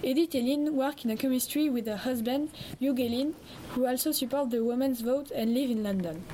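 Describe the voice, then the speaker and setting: A polite, formal radio presenter chairing a debate, played by a young woman in a classroom role-play. The voice is high and mellow and reads carefully from a script, with faint noise around it. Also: a little fast, close to an everyday voice, low-quality recording. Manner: formal, reading from a script, non-native phrasing.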